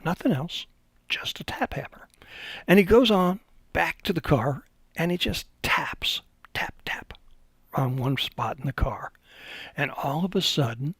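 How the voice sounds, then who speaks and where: A man's voice: on the high side, fairly bright tone, breathy edge, no echo. A man giving an unscripted hydraulics webinar, telling folksy stories with some hesitations. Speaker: hydraulics instructor.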